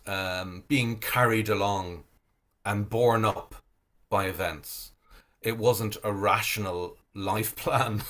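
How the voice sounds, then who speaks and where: A middle-aged Zen priest from Ireland speaking reflectively over a video call, with many fillers and restarts. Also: male voice, lowish voice, a bit bright.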